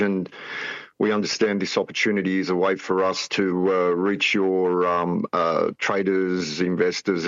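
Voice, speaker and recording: A man's voice: low voice, no room sound. A middle-aged Australian man, a project founder, speaking hesitantly with many fillers as a guest over a muffled remote call. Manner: hesitant, many ums and uhs.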